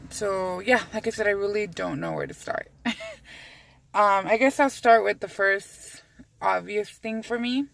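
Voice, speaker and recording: A woman's voice: mid-range voice, a little slow, gravelly, a bit bright, no room sound. A woman vlogging from inside her car in a rambling, candid way, swearing freely as she talks. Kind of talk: casual chat to camera.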